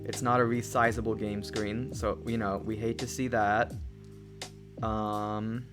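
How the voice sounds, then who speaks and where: Streamer for a game stream: unhurried, chatty, bursts of excitement, low lo-fi music behind. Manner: chatty, jumps between excited exclamations and mumbled asides. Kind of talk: live game stream commentary. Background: faint lo-fi music.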